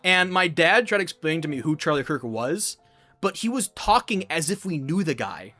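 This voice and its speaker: Young male gamer, bright raised voice, rambling and profane, faint music behind. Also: a little high, big pitch swings, normal speed. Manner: rambling, swears a lot, many restarts and fillers. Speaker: gaming vlogger. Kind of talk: casual chat while gaming.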